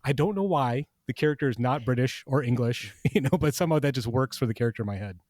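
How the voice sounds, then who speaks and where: A man's voice: medium pitch, lively intonation, fast talker, darkish tone. A man co-hosting a podcast in casual chat, rambling and hunting for names as he talks. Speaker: podcast co-host.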